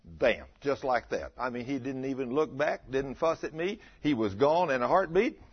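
Husky fifty-something preacher telling stories, acts out voices, dull lo-fi recording. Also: male voice, mid-range voice, normal speed. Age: 50s. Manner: animated, acts out dialogue, laughs with listeners. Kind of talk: storytelling sermon.

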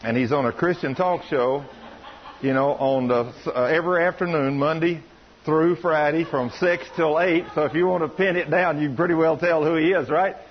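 Man, sermon, animated, slightly high, lo-fi radio. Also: a little hiss or hum. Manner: folksy, animated, rises high when quoting others. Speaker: preacher. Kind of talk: sermon storytelling.

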